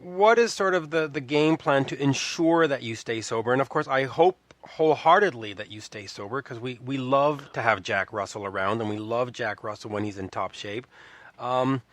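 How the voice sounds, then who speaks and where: A man's voice: medium pitch, moderate pace, a bit bright, no room sound. A man with a mid-range voice hosts an interview. He asks friendly, leading questions. The sound is dry and close. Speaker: interview host.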